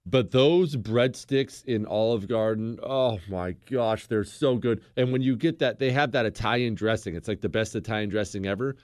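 A man's voice: medium pitch, darkish tone, no room sound, clean studio sound. A man hosting a political commentary show, talking in a sarcastic, teasing, exasperated way. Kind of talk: sarcastic monologue.

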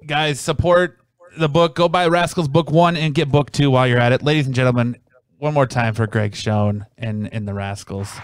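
A man hosting a casual podcast, loud, hyping and joking. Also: medium pitch, moderate pace. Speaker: podcast host.

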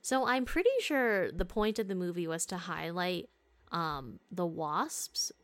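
A woman's voice: lowish voice, a little slow. Candid young woman podcast host. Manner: candid storytelling with frequent laughs and swearing. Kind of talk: casual podcast chat.

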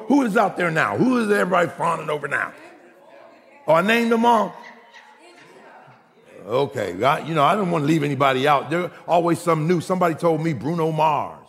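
A man preaching a sermon as pastor, animated and jokey, swinging between loud and soft. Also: on the high side, fairly quick, gravelly, husky. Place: church hall. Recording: reverberant hall recording.

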